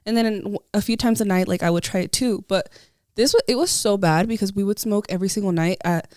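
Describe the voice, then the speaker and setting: A young woman co-hosting a podcast, telling a story in a chatty casual way, full of "like" and quick laughs. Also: medium pitch, a little mellow, no room sound, clean studio sound. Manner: chatty, lots of likes, laughs as she tells a story. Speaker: podcast co-host.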